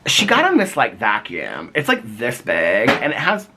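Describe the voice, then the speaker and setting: A man's voice: medium pitch, wildly swooping pitch, normal speed, noisy background. A man vlogging casually from home on a handheld phone, rambling with lots of fillers and frequent laughter. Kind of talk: casual chat. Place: his home, indoors.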